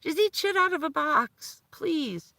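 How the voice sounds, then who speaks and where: A woman putting on the voice of a panicked male doctor, who breathlessly shouts warnings in alarm. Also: extremely high pitch, expressive, measured pace, dry recording, voice pushed up, exaggerated voice.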